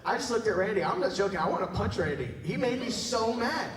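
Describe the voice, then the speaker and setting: In a large church hall, a high-voiced pastor preaches a storytelling sermon, and his speech echoes long through the space from a mic placed some distance away. He talks fast, animated and jokey. He keeps engaging the congregation with tag questions.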